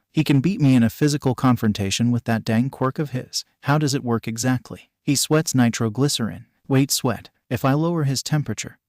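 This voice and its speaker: Male narrator, mid-pitched, even storytelling read, dry close recording. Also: no room sound. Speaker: fan fiction reader. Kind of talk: narrating a fan fiction story.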